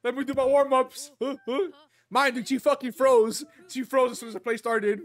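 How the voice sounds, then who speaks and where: A channel host giving casual commentary while reacting to an anime, excitable, laughing often and swearing freely. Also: high voice, normal speed.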